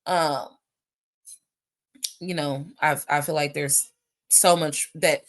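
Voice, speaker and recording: A woman's voice: low-pitched, takes it slowly. A woman, chatting animatedly with viewers as she answers their questions in a live stream. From United States. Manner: animated, chatty, reads questions aloud, addresses viewers as y'all. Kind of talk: casual live Q&A chat. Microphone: phone or webcam for a live stream.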